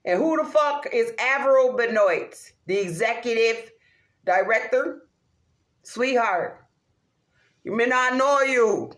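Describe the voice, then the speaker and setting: A woman ranting casually to her viewers, swearing heavily, animated and laughing often. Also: on the high side, takes it slowly. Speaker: vlogger. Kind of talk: casual rant to camera. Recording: roomy echo.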